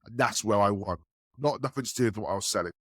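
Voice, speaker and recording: A fast-talking man shares casual enterprise sales stories on a podcast, getting animated and acting out quotes in a higher pitch. It's a studio-quality recording without any room sound.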